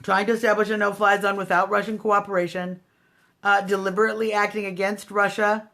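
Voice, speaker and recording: A woman's voice: medium pitch, level tone, a little fast, a bit bright. A woman hosting a casual political livestream, talking straight to her viewers in a snarky, combative way. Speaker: livestream host.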